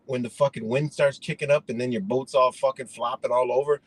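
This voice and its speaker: A man's voice: mid-range voice, steady tone, fairly quick, slightly rough, dry recording, rough recording. A man ranting indignantly in a profane, rambling monologue.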